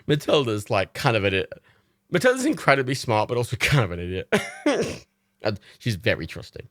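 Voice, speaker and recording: A man's voice: mid-range voice, very animated, moderate pace, a bit bright, no echo, clean studio sound. A young man hosting a livestream, chatting in a casual storytelling way, laughing often and swearing casually. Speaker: livestream host.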